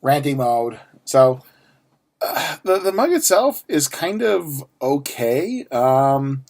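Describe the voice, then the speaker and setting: A man's voice: medium pitch, very animated, slow, darkish tone. Ranty, foul-mouthed man unboxing. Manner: ranty, profane, sarcastic, frequent restarts. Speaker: unboxing vlogger. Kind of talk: casual unboxing chat.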